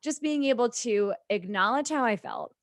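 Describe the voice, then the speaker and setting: A woman's voice: on the high side, normal speed, no echo. Dry, laughing woman podcast host. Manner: animated storytelling, laughs often. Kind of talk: casual podcast chat.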